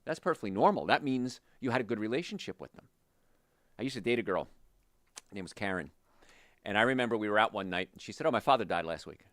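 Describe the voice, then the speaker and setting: Speaking quickly but pausing often, this health show host has a lowish voice and delivers an emphatic, animated pep talk addressed directly to his audience. There's no echo, and the sound is studio quality.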